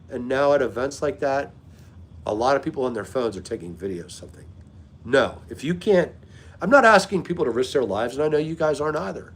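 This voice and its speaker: A man's voice: medium pitch, breathy edge. A man hosting a live stream, chatting casually and greeting viewers by name as he talks. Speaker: livestream host.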